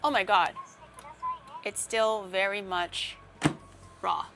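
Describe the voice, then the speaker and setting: A woman's voice: mid-range voice, fairly even intonation, takes it slowly, creaky. A young woman streaming as a VTuber, chatting casually while she bakes at home, rambling through playful tangents with lots of fillers. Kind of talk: casual livestream chat while baking.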